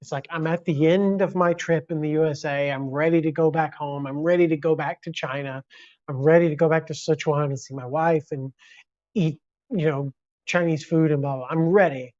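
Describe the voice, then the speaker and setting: A man's voice: fairly high pitch, fairly even intonation, normal speed, darkish tone, lo-fi sound. A man from the United States chatting casually on a live stream, rambling and reacting to viewer comments.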